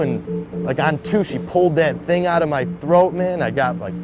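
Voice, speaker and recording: A man's voice: a little high, moderate pace, rough recording. Young man telling his story, "like" everywhere. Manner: heavy use of "like", acts out quoted voices. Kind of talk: personal storytelling in an interview. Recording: interview clip with music underneath.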